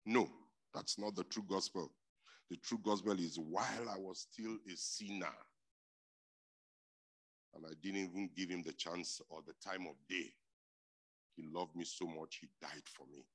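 A man preaching a sermon, emphatic and repeating his key phrases, dropping to quiet stretches and rising to loud, forceful bursts. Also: deep voice, a little slow, long pauses.

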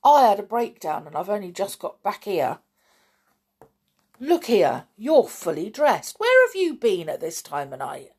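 A woman voicing a rough, impatient adult male farmhand who demands answers. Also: medium pitch, wildly swooping pitch, a little slow, a little mellow, exaggerated voice. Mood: angry.

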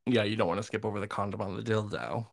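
A man's voice: on the low side, steady tone, quick pace, gravelly, dry recording. A young man co-hosting a podcast, telling a story in a teasing, crude way and acting out what he said. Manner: teasing, crude, quotes himself a lot. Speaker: podcast co-host. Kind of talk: casual storytelling chat.

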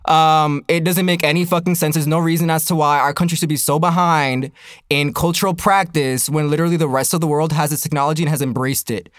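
A young man ranting in a casual comedic way, profane and animated, laughing often, his voice jumping up when he gets worked up. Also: fairly high pitch, fast, smooth, no echo, studio quality.

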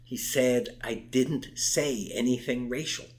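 Older male guest, mid-pitched, emphatic storyteller who voices the people he quotes. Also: takes it slowly. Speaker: interview guest. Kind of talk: recounting a campus case in conversation.

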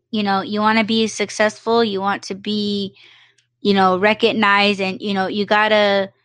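A woman's voice: medium pitch, fairly bright tone, clear, resonant tone, dry recording, clean studio sound. A woman hosting a live podcast, talking in a loose, rambling way, full of "you know", swearing freely and acting out little quoted exchanges. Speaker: podcast host. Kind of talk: casual livestream monologue.

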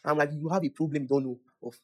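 A young man preaching a sermon, emphatic and animated, swinging from loud declarations to soft asides. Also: a little high, quick pace. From Nigeria.

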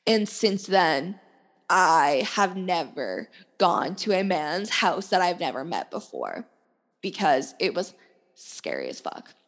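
A woman's voice: fairly low pitch, sing-song, slow pace, long reverb tail. A young woman in her twenties hosting a podcast. She tells a story casually, rambles with lots of fillers, swears bluntly and sounds exhausted. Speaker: podcast host.

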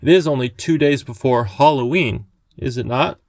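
A man voicing a cheerful, eccentric little old gentleman with a courtly, genial way of talking. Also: medium pitch, normal speed, no room sound, close to an everyday voice.

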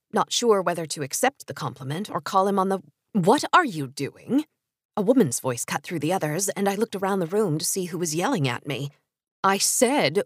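A young adult woman telling a first-person story with expressive storytelling narration. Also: mid-range voice, slightly rough, dry recording, studio quality.

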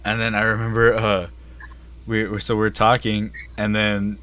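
A young man co-hosting a podcast, telling stories in a laid-back, low-key way and chuckling along. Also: monotone, moderate pace, a bit bright, clear, resonant tone. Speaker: podcast co-host. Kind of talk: casual chat.

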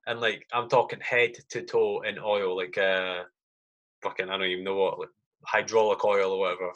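A man's voice: low voice, level tone, normal speed, a bit bright, dull audio. Sweary man telling army stories. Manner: swears constantly, storytelling, keeps saying mate. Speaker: soldier telling war stories. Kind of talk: casual podcast chat.

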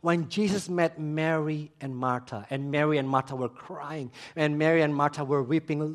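A man preaching a sermon, emphatic, repeating phrases and putting questions to his listeners, swinging between loud emphasis and quiet asides. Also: a little high, fairly even intonation, moderate pace, few pauses.

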